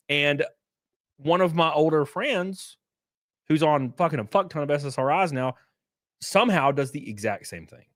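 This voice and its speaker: A man's voice: fairly high pitch, a little fast, fairly bright tone, no echo, clean studio sound. A young man streaming live, rambling casually and swearing as he comments and greets his chat. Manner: rambling and profane. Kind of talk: livestream commentary.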